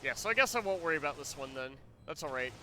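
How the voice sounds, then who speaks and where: Bright-voiced, joking male game streamer. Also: a little high, expressive, fast, slight background noise. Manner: rambling, joking, often laughing. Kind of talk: casual gameplay commentary.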